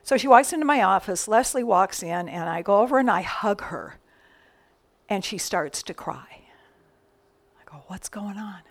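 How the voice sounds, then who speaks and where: Woman minister, sermon, medium pitch, animated with whispered asides. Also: normal speed. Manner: lively storytelling with dropped, whispered asides.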